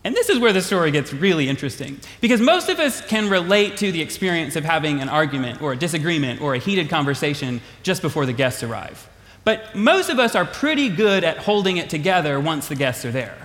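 A male pastor preaching a sermon, retelling a story with animated, repetitive phrasing. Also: on the high side, a little fast. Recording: long hall reverb.

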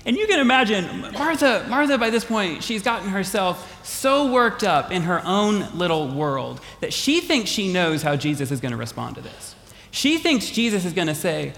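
A male pastor preaching a sermon, retelling a story with animated, repetitive phrasing. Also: high voice, normal speed. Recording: long hall reverb.

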